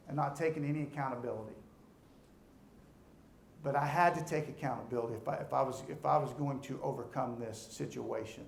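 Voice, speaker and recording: Gravelly-voiced man giving an earnest talk. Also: a little high, steady tone, a little fast, echoey room, slight background noise. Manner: earnest, repeats words when starting sentences. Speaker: alumnus speaker. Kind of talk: motivational speech to an audience. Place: room with an audience.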